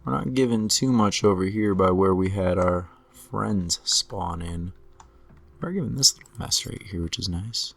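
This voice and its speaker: Low, gravelly, slow-talking man. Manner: unhurried, talks through each move to himself. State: losing his voice. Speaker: gameplay commentator. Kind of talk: relaxed let's-play commentary.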